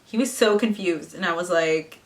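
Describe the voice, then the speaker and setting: A woman's voice: fairly low pitch, moderate pace, distant mic. Chatty young woman telling a story. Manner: chatty, swearing, mimics others in quotes. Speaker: vlogger. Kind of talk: casual storytime chat.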